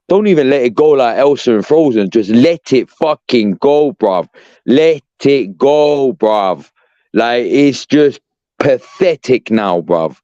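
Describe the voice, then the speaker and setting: With a medium-pitched, dark-toned voice, a young male podcast co-host rants like a frustrated fan, cursing and tossing out "bruv" nonstop. The sound is dull and lo-fi, dry with no room sound.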